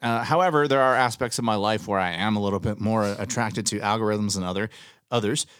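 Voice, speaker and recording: A man's voice: lowish voice, quick pace, a bit bright, no room sound. A man hosting a casual podcast chat, talking bluntly and ranting with plenty of swearing. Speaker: podcast host.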